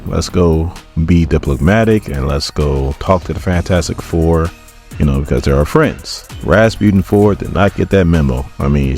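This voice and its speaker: A man's voice: low-pitched, a little mellow. A man giving a laid-back comic book recap, retelling the story and acting out the characters' lines as he goes.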